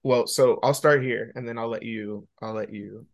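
A man's voice: mid-range voice, fairly even intonation, normal speed, gravelly. A man co-hosting a podcast in casual chat, rambling along with lots of ums and uhs. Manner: chatty and rambling, with many fillers. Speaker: podcast co-host.

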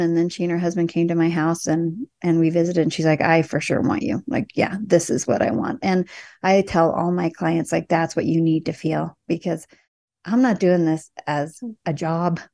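A middle-aged woman with a low, gravelly voice speaks earnestly and reassuringly, telling her story with animation. Her tone is mellow and dark, and it is recorded dry and close. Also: steady tone, moderate pace, dry recording. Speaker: birth support worker, guest. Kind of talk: casual conversation.

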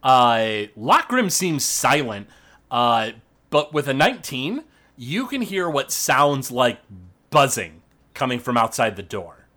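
A man's voice: mid-range voice, slow pace. A man narrating as game master of a tabletop game, talking with many fillers. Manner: lively, hesitant narration with fillers.

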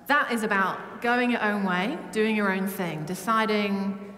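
A woman from Britain preaching a lively, humorous sermon to her church. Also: medium pitch, unhurried. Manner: humming song snippets. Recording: echoey church with long reverb.

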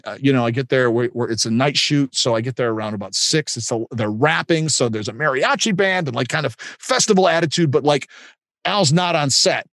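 A man tells showbiz anecdotes with animation and acts out the other voices. His voice sits slightly high, and the recording is close and dry. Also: a bit bright, no room sound. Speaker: guest, improv and voiceover actor. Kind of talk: anecdotal storytelling.

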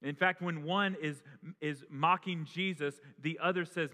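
A man's voice: on the high side, steady tone, unhurried, sharp tone. A pastor preaching an impassioned sermon, often restarting his phrases. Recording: long reverb of a large hall.

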